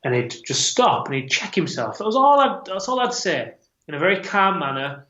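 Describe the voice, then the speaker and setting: A man's voice: sits high, sing-song, normal speed, pushed and bright. A man, a podcast guest telling a personal story in an earnest, reflective way. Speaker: podcast guest, men's coach. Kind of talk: personal story told in an interview. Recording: roomy, slightly dull podcast audio.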